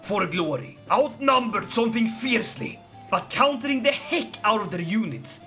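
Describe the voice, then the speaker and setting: A man giving excitable, theatrical let's-play commentary over a strategy game, mock-heroic and quick to yell at his foes. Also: sits high, soft background music. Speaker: gaming commentator.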